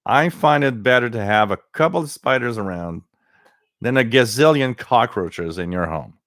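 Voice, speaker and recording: A man's voice: mid-range voice, animated, moderate pace, fairly bright tone, dry recording, studio quality. A man hosting a live stream, chatting casually, reading viewer comments and telling rambling stories with many restarts. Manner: mimics others with a raised voice.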